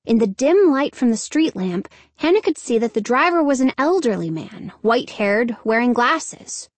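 A woman narrating a children's novel in a measured storytelling delivery. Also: fairly high pitch, big pitch swings, no echo. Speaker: audiobook narrator. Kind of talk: scripted narration.

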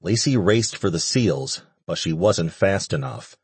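Man, very low voice, husky, steady audiobook narration, dry studio sound. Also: a little slow, no room sound. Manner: steady, even reading. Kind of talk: scripted narration.

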